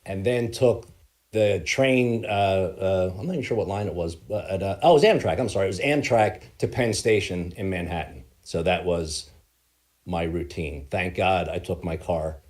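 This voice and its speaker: A man chatting as a guest on a live stream, telling his stories in an animated way. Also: deep voice, moderate pace. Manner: animated storyteller who acts out dialogue. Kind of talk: casual chat. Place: Philadelphia area.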